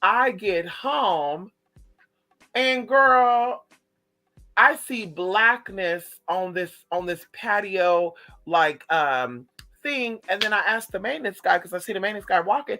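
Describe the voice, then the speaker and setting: A man spins a story for his viewers in a loose, casual vlog. He talks with animated, profane flair and a bright, forceful voice. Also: high-pitched, slow pace, soft background music, low-quality recording.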